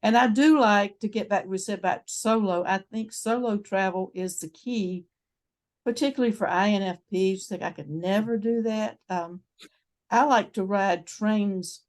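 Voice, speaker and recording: Older North Carolina woman host, chatty, frank, rambling storyteller, mid-pitched. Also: normal speed. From North Carolina, USA. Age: 70s. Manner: rambling, restarts often, frank. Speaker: channel host. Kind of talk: casual chat.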